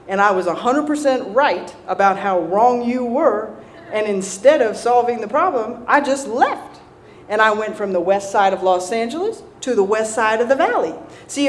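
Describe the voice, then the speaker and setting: A woman's voice: sits high, a little hiss or hum. Southern woman telling her recovery story. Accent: Southern American. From Southern United States. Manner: conversational, keeps checking in with "right?"; self-mocking humor. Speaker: recovery speaker. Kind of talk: personal story told to an audience.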